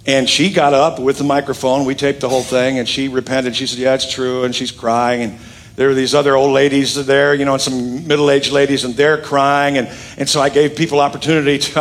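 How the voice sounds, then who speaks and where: A middle-aged man preaching a sermon as pastor, telling stories with big swings in his voice and joking with the congregation. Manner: lively storytelling with big pitch swings and asides; calls on the congregation to repeat lines. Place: church sanctuary with congregation.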